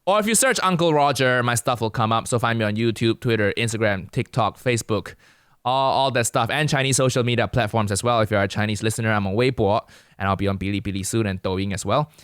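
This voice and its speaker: A man's voice: on the low side, fast, fairly bright tone, smooth, no room sound, studio quality. A man from Malaysia, a comedian guest on a podcast, telling stories in a matter-of-fact, thoughtful way. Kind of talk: casual podcast chat.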